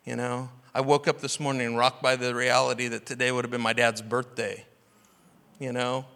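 A man's voice: mid-range voice, flat delivery, normal speed, pushed and bright. A man preaching a sermon as pastor, passionate and full of rhetorical questions. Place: church sanctuary. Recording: long hall reverb.

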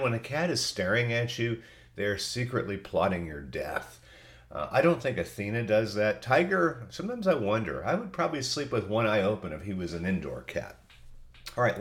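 A man's voice: on the low side, fairly bright tone. A middle-aged man with a cold, hosting a podcast in a chatty, folksy way as he reads out listener answers. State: has a cold. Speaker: podcast host. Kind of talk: casual solo podcast reading listener answers.

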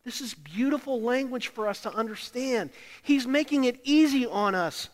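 A man preaching a sermon to a congregation, swinging from hushed murmurs to loud emphatic declarations and repeating key lines for emphasis. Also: extremely high pitch, lively intonation, moderate pace. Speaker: pastor. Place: church sanctuary during a service. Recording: long hall reverb of a church.

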